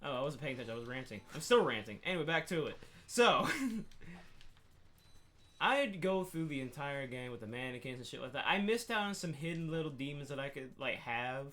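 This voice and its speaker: A man telling a rambling, profane story in a casual gaming chat, animated and quick to swear. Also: mid-range voice. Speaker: podcast co-host.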